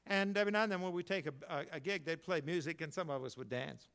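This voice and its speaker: An older man preaching a sermon as pastor, telling folksy stories and swinging between emphatic lines and quiet asides. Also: fast, vocal fry, smooth. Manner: folksy storytelling, rising to emphatic then dropping low.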